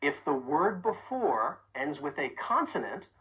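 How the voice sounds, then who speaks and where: A woman with a remarkably deep, low voice leads a pronunciation lesson. She speaks clearly and deliberately, leaning on each sound so learners can copy it. The recording sounds a little dull and muffled. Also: sing-song, a bit bright. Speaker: accent coach.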